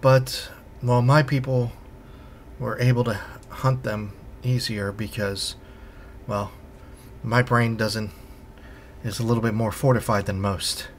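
A man voicing Kwan, a calm woman mystic. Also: mid-range voice, takes it slowly, slight background noise. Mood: earnest. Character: calm woman mystic bonded to a dream spirit.

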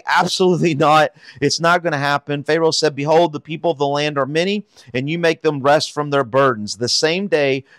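A man's voice: on the high side, no echo, studio quality. Man reading and explaining scripture. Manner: reads scripture then explains it conversationally, with fillers and rhetorical "right?". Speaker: pastor teaching a Bible study. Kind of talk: Bible reading with commentary.

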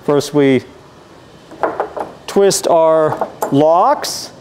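Filming a walkaround of a classic car for sale, a male dealer presenter talks in a casual, methodical, easygoing way, peppered with "um"s and "uh"s. His voice runs on the high side with drawn-out words, and there's background noise.

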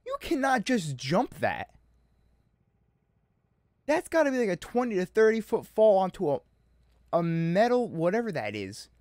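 A young man hosting a gaming channel, joking and excitable as he plays. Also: high-pitched, unhurried, pauses often, dry recording, studio quality. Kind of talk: let's play commentary.

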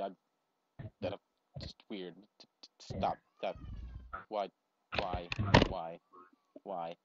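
A man giving rambling, exasperated commentary while video chatting, bursting into loud yelps now and then. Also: sits low, level tone, slow pace, long pauses. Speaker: video creator. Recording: dull lo-fi recording.

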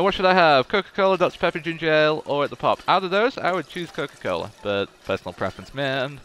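Young guy streaming a game, bright clear voice, goofy and chatty, pitch all over. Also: very animated, quick pace, few pauses, slight background noise. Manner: chatty, goofy, talks to chat. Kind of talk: casual gaming livestream chat.

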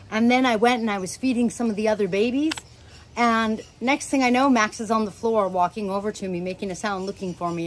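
A woman's voice: mid-range voice, slight background noise, low-quality recording. A middle-aged woman at home chatting casually about her parrots, rambling and affectionate, sometimes breaking off to talk to her birds. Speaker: parrot owner and channel host. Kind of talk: casual chat to camera.

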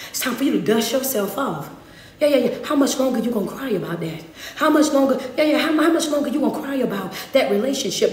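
A woman life coach preaches with fiery passion. She calls out her listeners directly. Her voice sits fairly high and rings in an echoey room. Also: darkish tone. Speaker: motivational speaker and life coach. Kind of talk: live-stream motivational talk.

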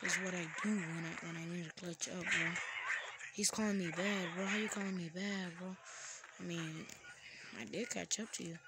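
A woman giving casual gameplay commentary as a streamer, full of playful slangy trash talk and excitable outbursts. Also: on the low side, moderate pace. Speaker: gaming streamer. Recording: loud background noise.

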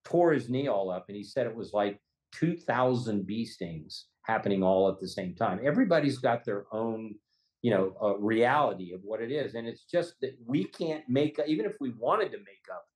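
A man's voice: on the low side, expressive, low-quality recording. A man, a trial lawyer and podcast guest, telling a story with emotion and stumbling over repeated words. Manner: halting, repeats words, gets choked up. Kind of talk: emotional storytelling in a remote interview. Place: Los Angeles, remote.

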